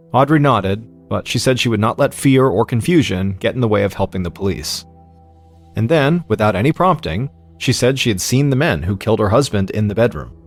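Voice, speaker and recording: In a fairly low voice, an American man in his thirties hosts a true-crime podcast, narrating the story calmly and in a measured way.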